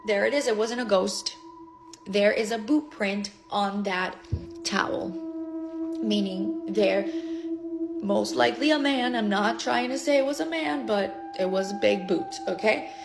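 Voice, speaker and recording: A woman telling viewers a travel story to camera in an animated, chatty way, with lots of fillers and restarts. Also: medium pitch, creaky.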